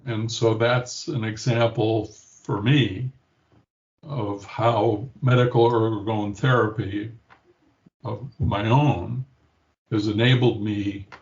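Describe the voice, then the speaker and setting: A man's voice: on the low side, a little mellow, lo-fi sound. An older man, a grandfather, reflectively telling a personal story in an interview and acting out the quoted voices. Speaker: interview guest, patient.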